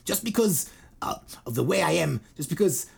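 A man doing an impression of an older British male metal singer with a British accent, speaking earnestly and haltingly. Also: a little high, animated, creaky, slightly rough, voice pushed up, exaggerated voice. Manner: halting, earnest, with filler pauses.

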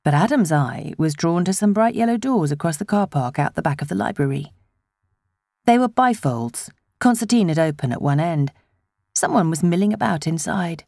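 A woman narrating a novel as an audiobook, telling the story in an expressive, measured way. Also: low-pitched, creaky, dry recording, clean studio sound. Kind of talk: scripted narration.

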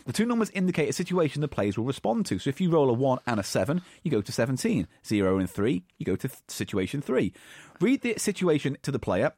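A man's voice: mid-range voice, sing-song, fast talker, a little mellow, no room sound, studio quality. A man reading game rules aloud and bantering teasingly as a comedy co-host. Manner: reads aloud, teasing, swears, laughs.

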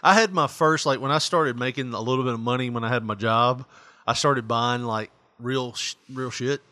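A man's voice: mid-range voice, normal speed, bright, forceful tone, no room sound. A man co-hosting a podcast in easygoing, profane chat, laughing often. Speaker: podcast co-host. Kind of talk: casual chat.

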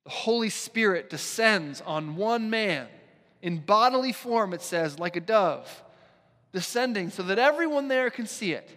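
A male pastor preaching a sermon in a church, with a deliberate, emphatic delivery and dramatic pauses. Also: high voice, lively intonation, a bit bright. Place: church sanctuary. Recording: long church reverb.

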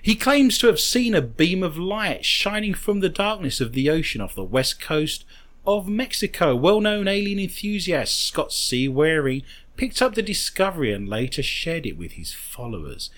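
Lively joking male podcast host. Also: fairly high pitch, moderate pace. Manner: jokey, riffing on absurd details. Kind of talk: comedic podcast chat, reading news stories.

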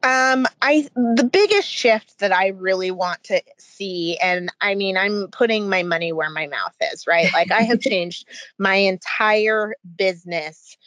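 A woman's voice: mid-range voice, fairly bright tone, no room sound. A woman guest in a casual podcast conversation, talking enthusiastically with lots of fillers. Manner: enthusiastic, talks fast with many fillers.

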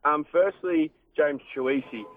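A man calls a sports radio show and talks about his team with steady enthusiasm. His voice sits fairly high. It is squeezed thin and tinny, like a phone line. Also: takes it slowly, dry recording. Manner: enthusiastic, fluent fan talk. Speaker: caller.

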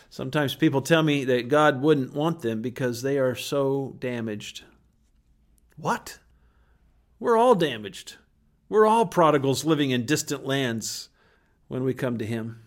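A pastor preaches a sermon in a medium-pitched man's voice, earnest and emphatic. He uses dramatic pauses and lets some words fall almost to a whisper.

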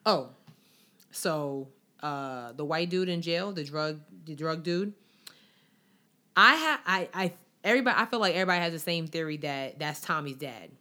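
A woman's voice: low-pitched, moderate pace, pushed and bright. A woman co-hosting a casual podcast, chatting animatedly and sharing lots of fan theories about a TV show. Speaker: podcast co-host. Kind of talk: casual chat. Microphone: studio mic.

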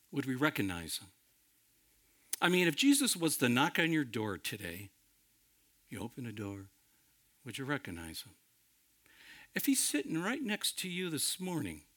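A man preaching a sermon, addressing the listeners directly as friends, swinging dramatically between loud emphasis and hushed, intimate passages. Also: medium pitch. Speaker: pastor.

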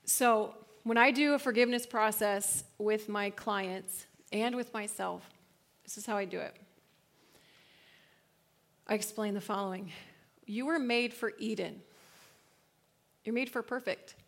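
A woman in her thirties giving a casual, slangy church talk, laughing often and swinging from hushed to loud. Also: medium pitch, unhurried, creaky, pauses often. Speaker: speaker at a church gathering.

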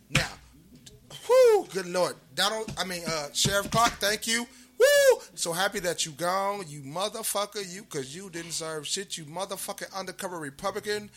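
A woman co-hosting a casual podcast, ranting loudly with whoops and swearing. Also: fairly low pitch. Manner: loud, fired-up ranting with whoops. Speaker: podcast co-host. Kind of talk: casual profane podcast rant.

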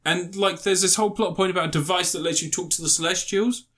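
A man's voice: high-pitched, steady tone, fast talker, a bit bright. A man chatting casually about a film, rambling and swearing, doing mocking impressions.

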